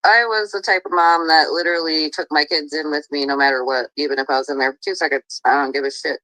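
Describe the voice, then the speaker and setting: A woman defends herself at length in casual livestream talk, her sentences running on. Her voice is low, and the recording is dry and close. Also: fairly even intonation, fast, sharp tone, dry recording, poor audio.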